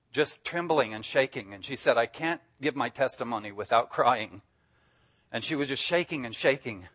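A man's voice: on the high side, a bit bright. Enthusiastic man preaching a sermon. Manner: enthusiastic, emphatic, laughs often. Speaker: guest preacher.

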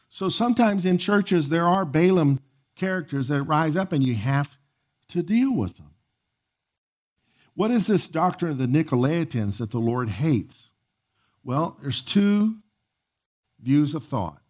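A pastor preaching a sermon, telling a story from his church in an earnest, emphatic way that often rises sharply in pitch. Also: a little mellow.

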